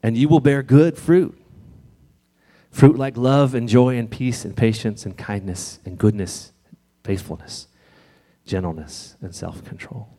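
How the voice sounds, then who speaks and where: A man preaching in church in a conversational, gently reassuring way, sometimes reading scripture aloud. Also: medium pitch, a little slow. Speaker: pastor. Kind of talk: sermon.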